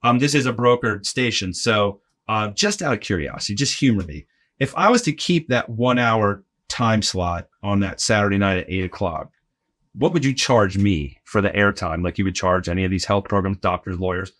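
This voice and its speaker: A man telling a story in a casual podcast chat, animated and acting out other people's lines. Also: lowish voice, normal speed. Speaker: podcast guest, arena game host.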